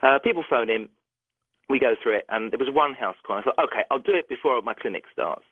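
Middle-aged man, doctor, lively rising and falling voice, restarts a lot, thin phone-line sound. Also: mid-range voice, quick pace, husky, no echo. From United Kingdom. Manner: animated storyteller, frequent restarts. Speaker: doctor, interview guest. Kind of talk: phone interview. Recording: tinny dry phone line.

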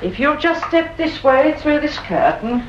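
A soft-voiced Cockney fortune teller. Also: female voice, high voice, big pitch swings, a little slow. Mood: smooth, polite. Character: young woman fortune teller, soft-spoken, secretive. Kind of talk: old radio drama acting. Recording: lo-fi old radio recording with background hiss.

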